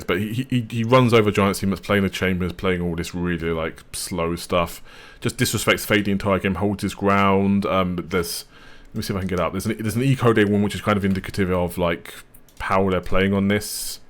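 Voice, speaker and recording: A man co-hosting a podcast, talking casually about esports with relaxed anecdotes and plenty of fillers. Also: sits low, a little fast, few pauses. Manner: relaxed storytelling, many fillers, hedges. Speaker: podcast co-host. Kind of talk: casual esports analysis chat.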